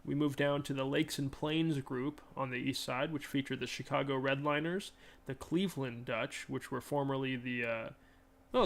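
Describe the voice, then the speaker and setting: Rambling man with a gravelly voice. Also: mid-range voice, a bit bright. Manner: rambling, self-correcting, enthusiastic. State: stuffy, congested. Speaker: game designer presenting his tabletop game. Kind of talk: casual livestream talk.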